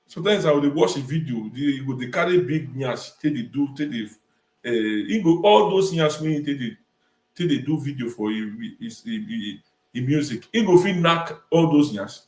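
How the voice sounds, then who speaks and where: A man's voice: medium pitch, expressive, moderate pace. Ranting Nigerian man in an echoey room. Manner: emphatic, repeats phrases. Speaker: talk show host. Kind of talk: ranting live-stream commentary.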